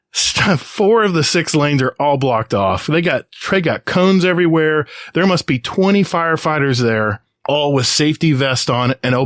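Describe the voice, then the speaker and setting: Middle-aged man telling a lively road story. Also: medium pitch, no room sound, studio quality. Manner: animated anecdote with quoted voices. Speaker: podcast co-host. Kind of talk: casual storytelling. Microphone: podcast microphone.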